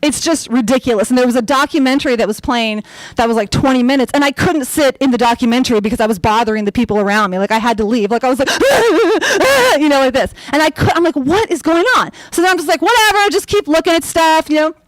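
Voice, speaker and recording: A young woman telling a personal story on stage in a chatty, animated way, full of fillers and acted-out quotes. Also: on the high side, rapid-fire, no room sound, rough recording. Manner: acts out her own quoted lines.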